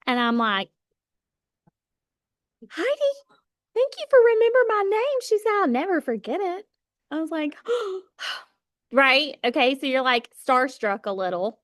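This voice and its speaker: A woman's voice: mid-range voice, no echo, studio quality. A woman giving an emphatic motivational talk to her sales team, repeating phrases for effect.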